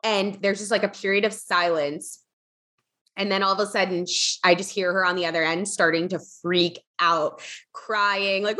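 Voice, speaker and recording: A woman telling a story as a podcast guest, chatty, with lots of fillers, acting out quotes in a higher voice. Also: steady tone, normal speed, pushed and bright. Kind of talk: casual storytelling in an interview.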